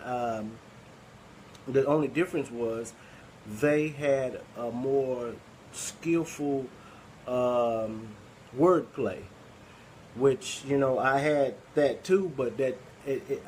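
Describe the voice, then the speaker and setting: A man's voice: medium pitch, a little mellow, a little hiss or hum, poor audio. A man with a Southern Arkansas accent hosting a poetry group, talking casually and rambling with many fillers and restarts. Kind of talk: casual live-stream talk.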